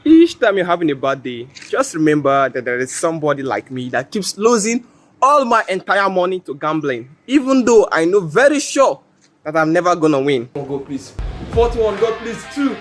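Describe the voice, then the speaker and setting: A man talks casually to camera, swings between pleading, counting and swearing, and gets excitable. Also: a little high, moderate pace, echoey room, faint music behind. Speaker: gambling vlogger. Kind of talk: casual narration and live reactions.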